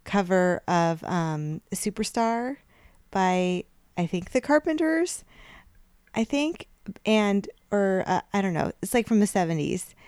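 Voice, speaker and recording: A woman's voice: medium pitch, expressive, slow pace, darkish tone, smooth, no echo, clean studio sound. A woman co-hosting a podcast in casual chat, giggly and unsure, rambling with fillers. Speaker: podcast co-host.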